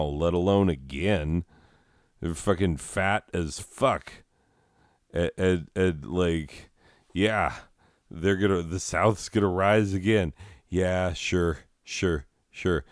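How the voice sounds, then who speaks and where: A man's voice: deep voice, clear, resonant tone, no echo, studio quality. A man doing a crude, sarcastic comedy rant full of swearing. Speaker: comedian ranting.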